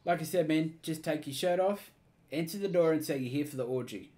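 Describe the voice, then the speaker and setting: An Australian man co-hosting a casual online chat show, swearing freely and telling animated stories. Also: a little high, brisk. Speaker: podcast co-host.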